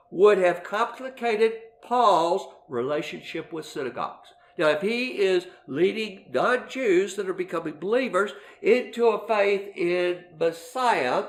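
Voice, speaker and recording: A middle-aged man teaching a Bible lesson, explaining slowly with many fillers and restarts. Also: sits high, reverberant.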